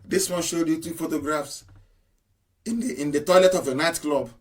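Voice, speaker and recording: A man's voice: a little high, moderate pace. A man delivering an impassioned political broadcast, emphatic and full of rhetorical questions and repetition. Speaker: activist broadcaster.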